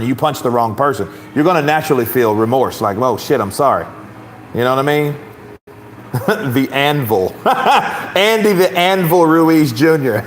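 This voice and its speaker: A man's voice: fairly high pitch, a little hiss or hum. A man giving casual boxing commentary, swearing freely, rambling and laughing often.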